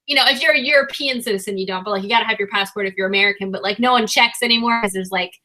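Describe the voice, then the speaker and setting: A woman's voice: medium pitch, very fast, bright, forceful tone. A young woman in college chatting casually with a friend, playful and teasing. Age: young adult. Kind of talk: casual chat.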